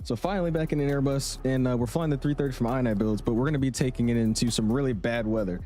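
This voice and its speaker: A man's voice: mid-range voice, quick pace, mellow, soft background music. A young man streaming a flight sim, chatting casually and greeting viewers by name. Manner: laid-back, greets chat by name. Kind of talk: casual live-stream chat.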